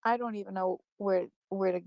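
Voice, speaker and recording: A woman's voice: mid-range voice, steady tone, fairly quick, no echo, highs cut off. A woman speaking as a guest on a live-stream panel chat, rambling and defensive, often apologizing and backtracking.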